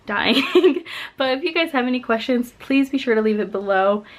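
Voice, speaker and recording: A woman's voice: a little high, animated, fast. A young woman vlogging casually to camera, chatty and enthusiastic about her favorite snacks. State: out of breath. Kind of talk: casual product talk to camera.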